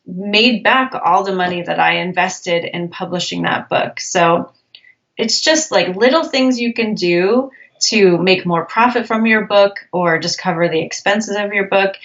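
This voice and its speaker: A woman's voice: lowish voice, a bit bright, muffled recording. A woman publisher as an interview guest, giving upbeat, practical advice in casual chat.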